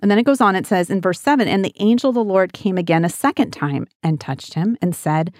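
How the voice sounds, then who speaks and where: A woman's voice: mid-range voice, expressive, a little fast, few pauses, a little mellow, no echo. Earnest woman teaching the Bible, dry close sound. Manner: earnest, conversational, addresses listeners as guys.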